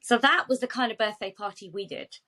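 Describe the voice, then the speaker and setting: Animated woman telling heartfelt stories. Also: on the high side, a little fast. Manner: animated, heartfelt storytelling with quoted dialogue. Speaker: charity founder, guest. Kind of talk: podcast interview.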